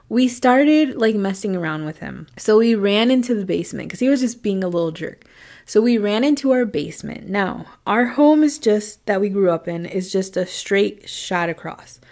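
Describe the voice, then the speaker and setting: A woman telling a personal story in a casual, animated way, acting out quotes and sometimes dropping to a whisper. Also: mid-range voice.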